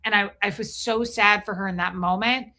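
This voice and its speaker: Female streamer, middle-aged, bright tone, loose and emotional, thanks chat between thoughts. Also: medium pitch, fairly even intonation, fairly quick. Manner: rambling and emotional, thanking viewers. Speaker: livestream host. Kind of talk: casual livestream chat.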